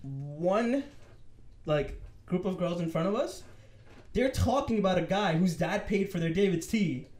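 A lively young man on a casual podcast, his fairly high voice swinging up and down as he acts out each part of his story. He swears freely and keeps the tale moving. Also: unhurried. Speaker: podcast co-host.

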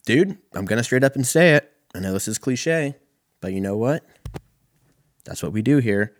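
A young man from California telling a profane, animated stand-up story. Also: lowish voice, no room sound, studio quality. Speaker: comedian.

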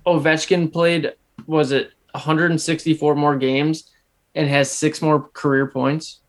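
Young man in animated hockey chat. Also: on the high side, unhurried. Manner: animated, restarts a lot, emphatic. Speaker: podcast co-host. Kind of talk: casual sports chat.

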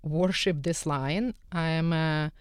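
A woman's voice: deep voice, takes it slowly, smooth, no echo, studio quality. A woman with a Russian accent, a salon owner and skin care specialist, speaking earnestly in slightly broken English on a radio panel. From Eastern Europe.

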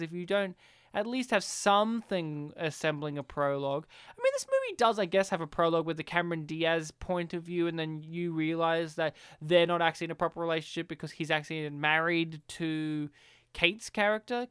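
A man's voice: fairly high pitch, animated, fairly quick, fairly bright tone, clear, resonant tone, no room sound, studio quality. A man co-hosting a film review podcast, chatting casually, joking and swearing now and then. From Australia. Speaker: podcast co-host.

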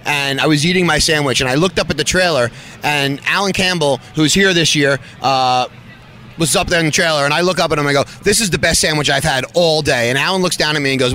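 A man's voice: fairly high pitch, fast. A man from New Jersey hosting a podcast, telling stories animatedly and acting out the dialogue in them. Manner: animated, acts out quoted dialogue. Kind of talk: casual storytelling.

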